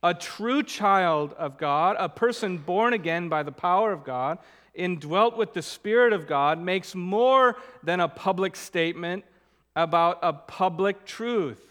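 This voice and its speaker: A man preaching a sermon as a pastor, earnest, slowing down to stress key words. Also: high-pitched, lively intonation, a bit bright.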